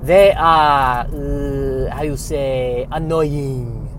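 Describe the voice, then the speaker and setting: A man voicing a bumbling male trader with a put-on French Canadian accent, pausing often to hunt for English words, recorded in a car. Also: medium pitch, slight background noise. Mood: sly. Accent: fake French Canadian. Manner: halting, searching for words.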